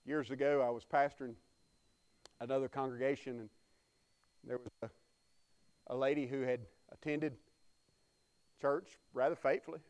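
Man, pastor, folksy sermon storytelling, crowd call-and-response, smooth tone. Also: mid-range voice, fairly even intonation, a little slow, long pauses, darkish tone, lo-fi sound. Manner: folksy storytelling preacher, calls for congregation response.

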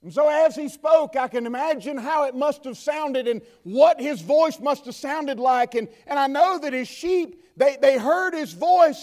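A male preacher with a strikingly high voice. He delivers his sermon in a fervent, repeating cadence that builds on each phrase. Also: unhurried, hardly any pauses, a little mellow. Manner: impassioned, repetitive preaching cadence.

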